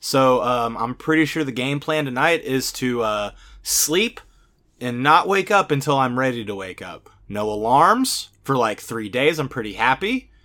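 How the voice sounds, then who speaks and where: A man's voice: mid-range voice, animated, measured pace, bright, forceful tone. A man co-hosting a podcast, chatting in a laid-back, easygoing way with a drawl. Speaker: podcast co-host. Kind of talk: casual podcast chat.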